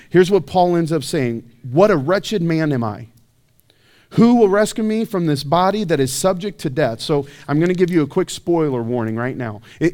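A man's voice: a little high, darkish tone. A man preaching a sermon in a church, talking conversationally with rhetorical questions and self-deprecating asides. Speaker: pastor.

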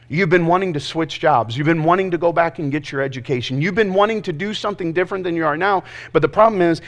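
A man preaching a casual, joking sermon in a conversational, self-deprecating way. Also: on the high side. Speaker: pastor.

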